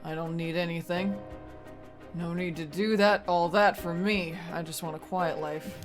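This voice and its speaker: A woman's voice: on the low side, fairly even intonation, measured pace, over music, close to an everyday voice. A woman voicing a tough male detective in game dialogue, dry, wisecracking and defiant. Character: tough male detective, lone wolf father. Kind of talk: reading game dialogue aloud.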